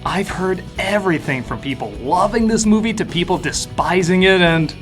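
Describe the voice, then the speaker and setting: A man's voice: high-pitched, animated, normal speed, a bit bright, soft background music. A man giving a scripted comedic film review with a sarcastic, wry delivery. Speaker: film critic.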